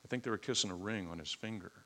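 Male preacher, lowish voice, relaxed teaching tone that spikes into emphasis. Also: very fast. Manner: conversational teaching with emphatic outbursts. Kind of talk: sermon.

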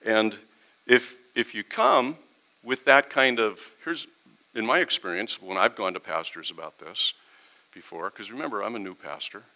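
A man's voice: on the low side, lively intonation, measured pace, long pauses, bright, forceful tone, rough recording. A middle-aged pastor giving a conversational sermon, acting out quoted exchanges with his congregation.

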